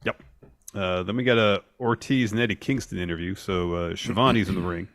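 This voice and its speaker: A man co-hosting a casual wrestling podcast, recounting matches play by play in a steady way. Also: low-pitched, a little fast, dry recording. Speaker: podcast co-host. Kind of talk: casual wrestling recap chat.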